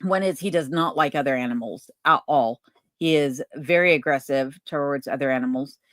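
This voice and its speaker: A woman hosting a casual livestream Q&A from her cabin, reading viewer comments aloud and answering in an unhurried way with plenty of ums. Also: low voice, no echo, clean studio sound. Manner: relaxed, unhurried, many ums, reads chat comments aloud. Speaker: channel host answering viewer questions. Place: home cabin in remote Alaska.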